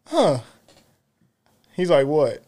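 Casual podcast co-host, male, slightly high-pitched, laughs through his stories. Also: extremely slow. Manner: laughing, animated storytelling. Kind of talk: casual chat.

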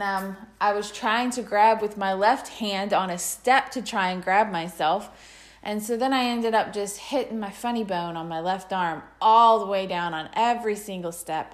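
A woman in her thirties chatting casually and recounting a story, breaking into laughter between phrases. Her voice sits at an ordinary middle pitch for a woman, easy and conversational. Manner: laughs often while telling a story.

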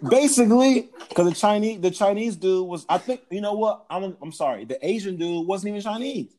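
A young man co-hosting a casual comedy podcast, telling animated stories and acting out the people in them. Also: high voice, brisk. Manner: animated storyteller, acts out voices in anecdotes. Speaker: podcast co-host.

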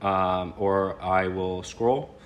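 A young man on a casual podcast, telling a story in a relaxed, halting way. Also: low-pitched, a little hiss or hum. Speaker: podcast guest.

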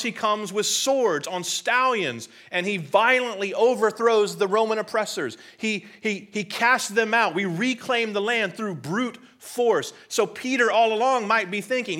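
A man's voice: high voice, unhurried, few pauses, pushed and bright. A man preaching a sermon in an emphatic, conversational way, often putting rhetorical questions to his listeners. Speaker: pastor.

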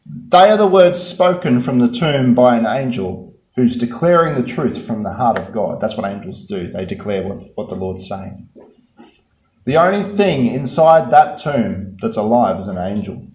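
A male preacher delivers his sermon with emphatic repetition, jumping between loud bursts and quiet asides. His voice sits at a middle pitch and rings around a roomy hall, and the recording sounds a little dull. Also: lively intonation, normal speed. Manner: emphatic, repeats key phrases, swings between loud and hushed.

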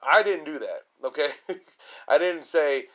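A man's voice: fairly high pitch, lively intonation, measured pace, a bit bright. A man hosting a comedy podcast, ranting in a rambling way, swearing constantly and leaning on fillers like "you know" and "like". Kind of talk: casual profane rant. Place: lives in a large Texas city.

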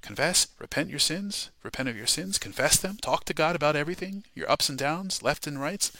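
A man's voice: mid-range voice, lively intonation, brisk, bright, forceful tone, no echo. A man preaching a sermon, emphatic and repetitive, peppering his points with rhetorical questions.

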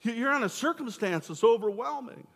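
A man's voice: very high voice, expressive, fairly quick, vocal fry, fairly bright tone. A young man preaching a sermon as pastor, enthusiastic and casual with slangy asides. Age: young adult. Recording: echoey hall.

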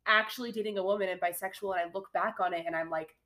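A woman's voice: lowish voice, fairly even intonation, quick pace, fairly bright tone. Rambling young woman, lots of "like". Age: 20s. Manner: rambling, heavy use of "like", laughs often. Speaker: podcast co-host. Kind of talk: casual podcast chat.

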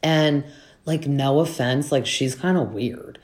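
A talkative podcast host recapping reality TV in loose, casual chat. The voice sits at an ordinary middle pitch. The host sounds frank and opinionated and leans on filler words throughout. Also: slow, a little mellow. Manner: chatty and opinionated, with many "like" fillers.

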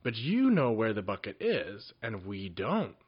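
A man voicing a brisk little male goblin who pushes others to act, in a storybook reading. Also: lowish voice, wildly swooping pitch, slightly rough, muffled recording, exaggerated voice. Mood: sly.

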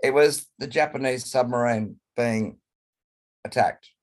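A hoarse Australian man, croaky from a chest cold, chatting flamboyantly and playfully as a guest over a video call. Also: mid-range voice, measured pace. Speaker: guest performer. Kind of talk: casual interview chat over video call.

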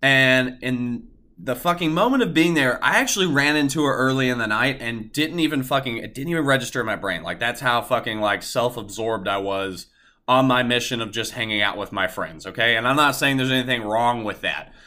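Brash, bright-voiced young podcast host. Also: male voice, mid-range voice, a little fast. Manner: animated, profane, talks about himself in third person. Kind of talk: casual storytelling monologue. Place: his apartment, indoors.

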